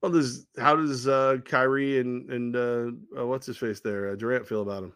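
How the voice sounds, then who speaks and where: A man's voice: mid-range voice, steady tone, moderate pace, fairly bright tone, clear, resonant tone, no room sound, studio quality. Blunt, crude-joking male co-host. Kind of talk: casual sports talk.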